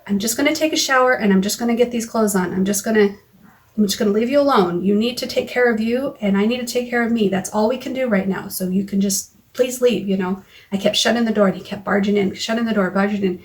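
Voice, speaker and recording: A woman vlogging into her phone, recounting a frightening argument in a halting way, with many restarts and quoted lines of dialogue. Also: mid-range voice. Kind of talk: personal recap vlog. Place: car or home.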